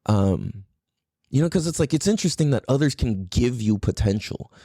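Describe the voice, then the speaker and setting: Male podcast host from California, mellow, dry close sound, loose rambling delivery, lots of cursing. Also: medium pitch, expressive, normal speed, dry recording. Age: adult parent. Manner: rambling, heavy swearing, frequent fillers. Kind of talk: casual solo podcast monologue.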